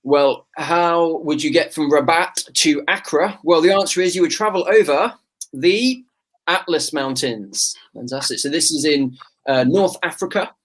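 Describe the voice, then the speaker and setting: A man's voice: fairly high pitch, measured pace. A man co-hosting an online quiz, chatting about the answers in a joking, self-deprecating way. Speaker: quiz co-host. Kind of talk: casual quiz answer chat.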